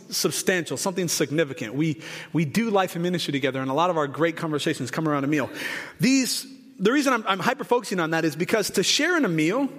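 A pastor in his forties preaching a conversational sermon with jokes and asides, lifting his voice for emphasis. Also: fairly bright tone. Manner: rises in pitch and volume for emphasis. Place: church sanctuary. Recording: long hall reverb.

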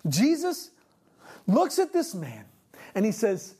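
Preacher, husky voice, emphatic sermon, repeated rhetorical questions, slows and drops low for key points. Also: huge pitch swings, warm tone. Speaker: pastor.

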